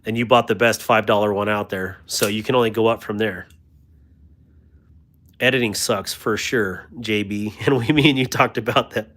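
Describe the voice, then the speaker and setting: A man's voice: on the low side, fairly even intonation, moderate pace. A man hosting a casual livestream, chatting about knives, reading viewer comments and joking about himself. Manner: chatty and self-deprecating, thanks viewers warmly. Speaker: host of a knife livestream.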